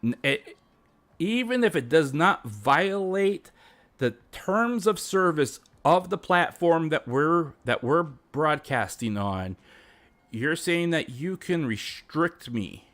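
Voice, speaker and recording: Stammering, animated male streamer. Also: fairly high pitch, slow pace. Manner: stammering, repeats words, animated; drops to a whisper for acted bits. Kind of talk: live stream commentary.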